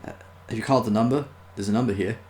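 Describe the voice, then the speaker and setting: A man reading aloud voices a slow, fussy male hotel receptionist in a storybook reading. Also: lowish voice, a little mellow, slight background noise, lightly acted. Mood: plodding helpful. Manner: plodding, repeats himself.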